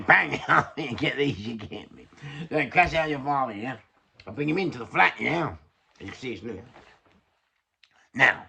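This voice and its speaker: Older London man, gravelly and bright, casual streetwise storyteller, faint hiss. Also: mid-range voice. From England. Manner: rambling, streetwise, swears, laughs at his own story. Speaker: vlogger.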